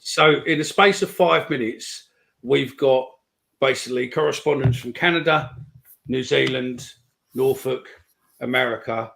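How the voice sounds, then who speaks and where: A man's voice: mid-range voice, a little slow, gravelly, fairly bright tone, low-quality recording. A man co-hosting a fan call-in podcast, telling rambling stories in casual chat. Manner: rambling storyteller. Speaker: podcast co-host.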